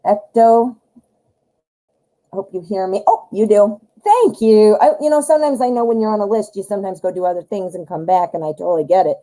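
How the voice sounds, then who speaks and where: Woman host, chatty live tarot reader, mellow tone, lively delivery. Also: mid-range voice, brisk, poor audio. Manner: chatty, animated, greets viewers by name. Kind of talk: casual live-stream chat.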